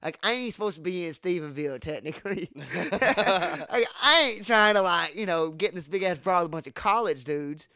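A man from Texas, telling stories in casual podcast talk, profane and animated, acting out what people said with sudden loud jumps. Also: high-pitched, moderate pace, hardly any pauses, no room sound, studio quality. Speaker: podcast host. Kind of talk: casual storytelling.

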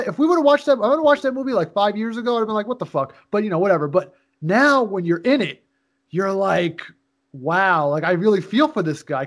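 A man co-hosting a casual podcast, talking in an animated, rambling way and swearing often. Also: sits high. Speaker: podcast co-host. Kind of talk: casual chat.

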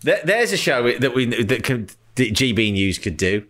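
A man's voice: medium pitch, sing-song, normal speed, fairly bright tone. A man co-hosting a comedy podcast, joking and riffing with many laughs. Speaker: podcast co-host. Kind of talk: comedic casual chat.

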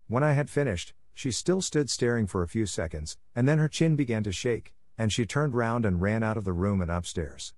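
A man's voice: lowish voice, lively intonation, normal speed, hardly any pauses, a little mellow, no echo, clean studio sound, lightly acted. A man voicing a flustered spinster sister who chatters in bewilderment. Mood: bewildered.

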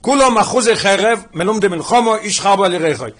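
A man giving a Torah class, rapidly explaining Midrash and mixing English with Hebrew and Yiddish terms, asking his listeners questions as he goes. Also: high voice, fairly bright tone. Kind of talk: Talmudic lesson explaining Midrash.

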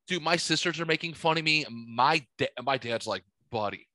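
A man hosts a podcast from his studio, telling animated, profane stories and acting out every voice in them. His voice is bright and sits a little high. The sound is close and dry. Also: moderate pace, no echo. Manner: animated, swearing, acts out quotes. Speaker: podcast host. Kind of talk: casual storytelling chat.

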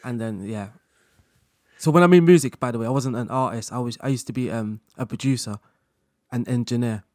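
A man in a casual interview, speaking at a middle pitch in a relaxed, rambling way. He laughs often and strings thoughts together with fillers. The recording is close and dry. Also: fairly quick, no echo. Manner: relaxed, laughs often, loose run-on sentences with many fillers. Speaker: guest content creator.

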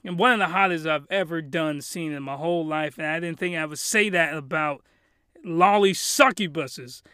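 A man with a high, bright voice rants excitedly through his anime review, slangy and emphatic, repeating his punchlines. His tone is smooth and clear. He records dry and close in a small closet. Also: moderate pace, no echo. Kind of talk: casual review rant. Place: small closet home studio.

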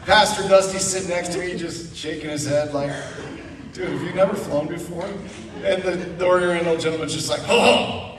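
Brief: high, lively male storyteller, self-mocking, recorded from far back in a reverberant church hall. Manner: animated, self-mocking, acts out dialogue. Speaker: guest speaker at church. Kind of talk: storytelling testimony. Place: church sanctuary.

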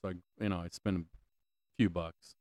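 A man's voice: low voice, steady tone, moderate pace, darkish tone, dry recording. A man hosting a solo podcast, ranting with lots of swearing, repeated questions and stammering restarts, on a close mic. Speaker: podcast host.

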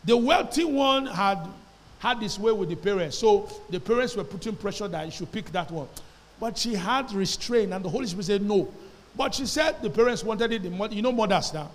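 Pastor guy preaching, high voice, long echo of a big hall. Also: lively intonation, fairly quick. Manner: storytelling, calls congregation to repeat phrases. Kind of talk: sermon. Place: church hall.

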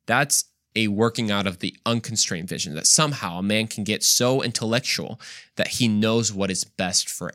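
A man's voice: fairly low pitch, bright, forceful tone, no echo. Dry-voiced man explaining. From United States. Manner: conversational, explains step by step, often checks in with "right?". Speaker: podcast host. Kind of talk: casual teaching talk.

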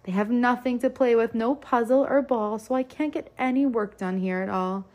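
A woman's voice: fairly high pitch, moderate pace, dull audio, natural voice. A woman voicing an apologetic, flustered butcher who cannot get his work done. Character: flustered father butcher minding twins.

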